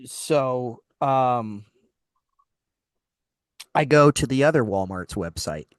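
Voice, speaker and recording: A man's voice: medium pitch, lively intonation, takes it slowly, no room sound, studio quality. A man co-hosting a radio talk show, telling a long exasperated story in casual chat, acting out the dialogue and often restarting his sentences. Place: radio studio.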